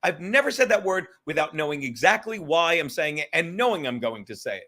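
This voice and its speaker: High, bright-voiced ranting male host. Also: very animated. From New York. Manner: profane, joking, quick rants. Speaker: podcast host. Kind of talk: casual comedic chat.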